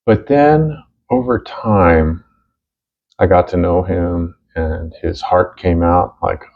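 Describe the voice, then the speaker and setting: A middle-aged man co-hosting a casual chat, talking in a halting, heartfelt way with many fillers and restarts. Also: deep voice. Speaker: co-host. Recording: dull lo-fi recording.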